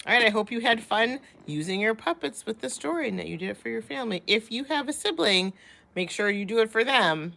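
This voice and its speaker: A woman teacher reading a children's picture book aloud, with hushed asides to young listeners. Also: on the high side, creaky. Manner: slow, expressive, drops to hushed asides. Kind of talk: children's story read-aloud.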